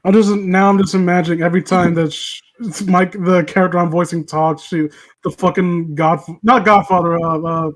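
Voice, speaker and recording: A man chatting playfully with friends during a story reading. His voice sits high for a man and he tosses in jokes. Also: steady tone, normal speed. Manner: joking, playful. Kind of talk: casual chat.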